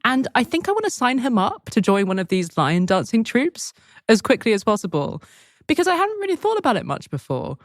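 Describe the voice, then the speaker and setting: A woman's voice: a little high, a little fast, dry recording, studio quality. A woman co-hosting a casual news podcast, telling stories with a wry, joking manner. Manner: wry, joking, lively storytelling. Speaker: podcast co-host.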